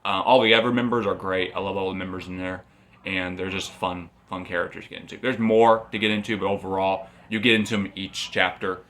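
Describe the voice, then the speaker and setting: A man's voice: low-pitched, steady tone, a little fast, a bit bright. A man casually recapping a manga story, rambling and often repeating and restarting phrases. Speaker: manga reviewer.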